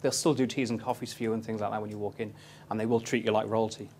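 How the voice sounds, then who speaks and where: A man's voice: fairly low pitch, flat delivery, quick pace, darkish tone, a little hiss or hum. A man in his thirties giving a live property investment seminar, telling stories cheekily and quizzing his audience.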